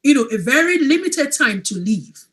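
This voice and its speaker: A woman's voice: sits high, very animated, moderate pace. A woman hosting as a wellness coach, talking in an earnest, emphatic way and repeating her points. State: emotional, near tears. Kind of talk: testimonial chat.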